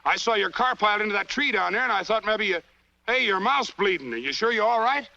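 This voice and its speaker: An actor playing a friendly, puzzled small-town cop in a 1940s film, hearty and concerned. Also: male voice, sits high, animated, a little fast, gravelly, sharp tone, heavily acted. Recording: dull old film soundtrack.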